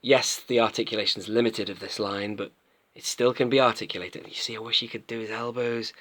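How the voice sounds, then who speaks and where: A man's voice: on the low side, little pitch movement, brisk, a bit bright. A British man in his late thirties, chatting enthusiastically and rambling as he unboxes and reviews toys in a casual vlog. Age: late 30s. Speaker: toy collector vlogger.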